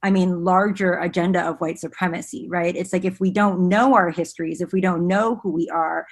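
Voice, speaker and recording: A woman's voice: fairly low pitch, fairly even intonation, fairly quick. Earnest woman tagging points with "right?". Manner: earnest, often tags "right?" with "um" fillers. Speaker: education researcher and guest. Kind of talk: podcast interview, explaining.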